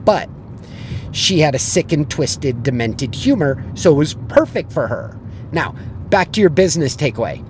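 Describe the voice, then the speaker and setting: A man's voice: fairly high pitch, moderate pace, a little hiss or hum. A man with a blunt, profane way of talking, acting out the people in his story and then giving sales advice as a business coach. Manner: animated storyteller who acts out the people he quotes.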